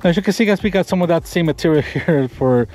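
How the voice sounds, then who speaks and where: A man from Florida reviews a pickup truck for his vlog, touring the outside and sitting inside. He speaks quickly with lively intonation in a voice that's on the high side and darkish in tone, pointing out details keenly while rambling and restarting sentences.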